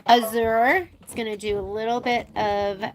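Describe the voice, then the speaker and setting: A woman's voice: a little high, steady tone, moderate pace, a little hiss or hum. Chatty woman leading a sewing stitch-along. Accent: American. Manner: chatty, talks to viewers while working. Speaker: sewing instructor. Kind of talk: casual live stitch-along.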